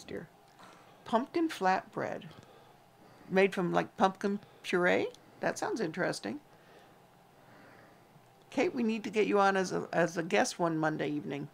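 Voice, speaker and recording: A woman's voice: lowish voice, vocal fry. A woman co-hosting a casual livestream, teasing and chatty as she reads out viewer names and comments. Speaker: co-host of a homestead livestream. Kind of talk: casual live chat reading viewer comments.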